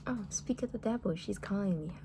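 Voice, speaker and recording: A woman's voice: medium pitch, brisk, over loud music. A woman venting about relationships in a casual monologue, blunt and heated, swearing often and filling her talk with "like".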